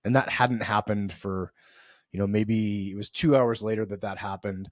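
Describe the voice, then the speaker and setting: A man's voice: lowish voice, steady tone, moderate pace, dry recording, clean studio sound. A middle-aged man from the US East Coast hosting a podcast, telling a reflective story in a loose, conversational way with many fillers and restarts. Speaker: podcast host.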